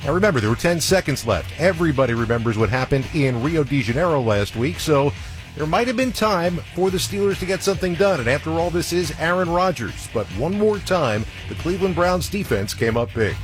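A man hosting a radio football broadcast, recapping the action with a lively, rising-and-falling voice pitched a little high. Music plays steadily under his talk. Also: a little fast. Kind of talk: radio sports wrap-up.

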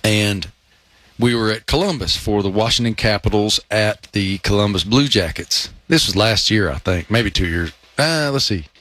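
A man who is a guest on a sports talk show, telling animated anecdotes with many fillers. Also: on the low side, moderate pace, no echo. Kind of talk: casual sports chat.

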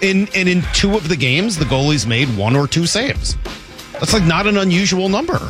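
A man's voice: sits high, very animated, moderate pace, over music. A man co-hosting a sports radio show, chatting casually and joking, sometimes defensive.

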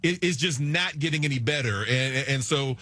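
A man's voice: medium pitch, a little fast, pushed and bright. A man talking sports casually, rambling with many restarts.

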